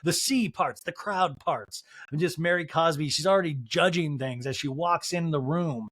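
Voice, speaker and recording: A man's voice: on the high side, moderate pace, a bit bright. A man hosting a podcast, recapping a TV episode comically with gossipy, wry asides. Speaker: podcast host. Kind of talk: comedic solo TV recap.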